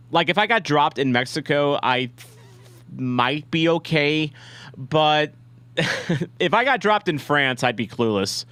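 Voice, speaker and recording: A young man hosting a fan watch-along, reacting live to a match in a rambling, excitable way. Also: a little high, clear, resonant tone, no room sound. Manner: excitable, rambling, shouts at big plays.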